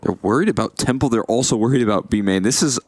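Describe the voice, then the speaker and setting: A man's voice: medium pitch, fast, a little mellow, a little hiss or hum. A man giving laid-back, chatty color commentary on a live esports match.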